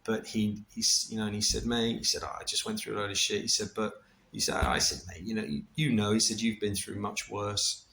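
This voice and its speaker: A middle-aged man casually recounting a personal experience, animated and full of restarts, with laughter and the odd swear. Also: on the low side, brisk, vocal fry, slight background noise. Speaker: vlogger recounting a ceremony experience.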